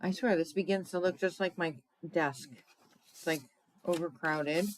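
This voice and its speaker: Slow, chatty woman crafting host. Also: on the low side, fairly even intonation, a little hiss or hum, low-quality recording. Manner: chatty, unhurried, often asks "right?"; laughs at own slips. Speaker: crafting demonstrator. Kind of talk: card-making tutorial demo.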